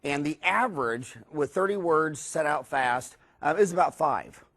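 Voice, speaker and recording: A man, a dentist, giving a recorded lecture in a rambling, animated storytelling way, with many fillers and restarts. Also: fairly high pitch, unhurried. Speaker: dentist teaching a course.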